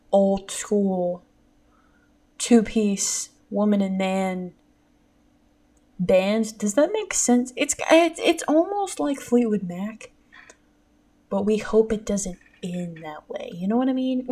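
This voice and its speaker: A woman's voice: mid-range voice, dark tone. Giggly, rambling young woman podcaster. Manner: rambling, giggly, swears casually. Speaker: podcast host. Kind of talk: casual solo podcast chat.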